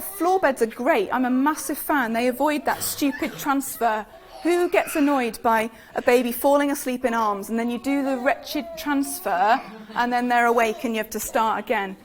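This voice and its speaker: A woman with a British accent giving a live talk, chatty and full of questions to the audience. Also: on the high side. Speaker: speaker giving a talk on infant sleep.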